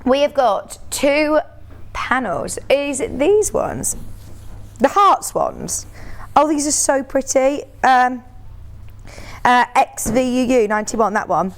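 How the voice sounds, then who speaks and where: A bubbly, chatty British woman presents on a shopping channel, giving a live TV sales pitch for fabric. Her voice is high-pitched with lively intonation, she speaks slowly, and she laughs often.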